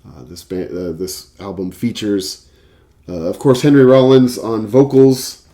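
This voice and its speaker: In a warm, fairly low voice with fairly even intonation, a man takes his time as a casual vlogger, spinning a meandering story and reviewing an album. His speech is full of fillers.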